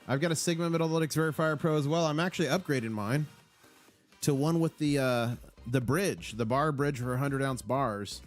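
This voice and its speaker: A man's voice: on the high side, moderate pace, soft background music. A man hosting a casual live stream, reading out viewer comments in an upbeat, rambling way. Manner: rambling, with fillers and restarts. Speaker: livestream host.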